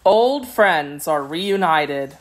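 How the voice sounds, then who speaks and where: A woman narrates a classic children's book for an audiobook. Her reading is measured and expressive, with a lively, moving pitch that follows the story. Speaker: audiobook reader.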